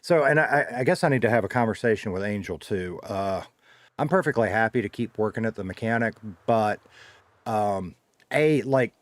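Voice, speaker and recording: A man's voice: lowish voice, expressive, moderate pace, dry recording. A man chatting casually on a live stream, swearing freely and laughing often.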